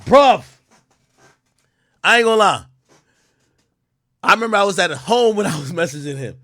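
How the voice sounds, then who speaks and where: A man telling a story on a live stream, excitable and profane, jumping between loud outbursts and mumbled asides into a close mic. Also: sits high, normal speed, pauses often, dry recording.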